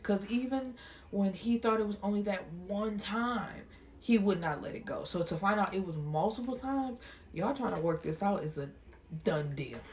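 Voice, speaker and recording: A woman's voice: mid-range voice, a little mellow, a little hiss or hum. A young woman casually recapping and reviewing a TV episode in a slangy, chatty way, acting out the characters' lines as she goes.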